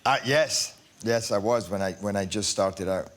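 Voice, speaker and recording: A man's voice: on the low side, moderate pace. A man who is an actor, telling a funny anecdote as a chat show guest and acting out the quotes. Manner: animated storyteller, acts out quotes.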